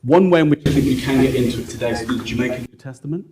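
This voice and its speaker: A man lecturing and answering questions, telling lively stories, acting out quoted voices and laughing as he talks. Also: medium pitch, racing, background noise. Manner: animated storytelling, acts out quotes, laughing asides.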